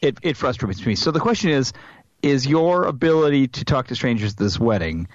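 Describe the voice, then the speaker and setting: A man's voice: medium pitch, expressive, fairly quick, no echo, lo-fi sound. A middle-aged man co-hosting a casual podcast, playful and wry, spinning extended jokey metaphors. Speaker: podcast co-host. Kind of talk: casual chat.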